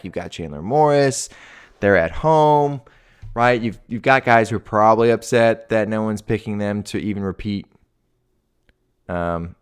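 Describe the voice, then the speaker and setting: A man's voice: low-pitched, clean tone. A man, a swim coach hosting a show, giving casual sports commentary in a loose, slangy way that grows heated. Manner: casual, heavy with "like" and "dude", grows heated and ranting.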